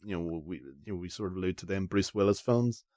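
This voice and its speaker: A man's voice: sits low, brisk, warm tone, no room sound, clean studio sound. A man with a Northern Irish accent, a guest on a film podcast, chatting eagerly about movies. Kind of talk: casual film review chat.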